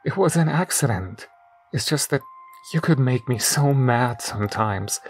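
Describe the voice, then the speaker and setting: A man's voice: mid-range voice, expressive, measured pace, soft background music, close to an everyday voice. A man voicing a remorseful, grieving man who pleads desperately, his voice breaking. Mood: desperate pleading.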